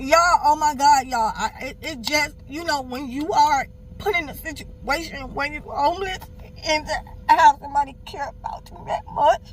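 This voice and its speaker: A woman's voice: high voice, moderate pace. Candid woman telling a personal story. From Miami, Florida. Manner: animated, candid, swears freely, keeps addressing viewers. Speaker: vlogger.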